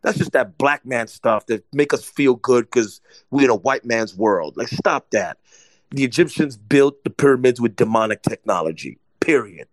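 A man's voice: mid-range voice, lively intonation, moderate pace, no echo, poor audio. A man preaching an informal sermon, emphatic and repetitive, often checking whether listeners are following. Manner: emphatic, repeats points, asks listeners if they follow. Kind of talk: conversational sermon teaching.

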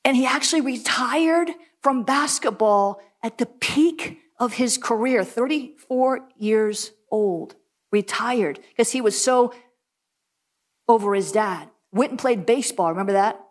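A woman preaching a sermon, telling animated stories with quick asides and laughs. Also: fairly high pitch.

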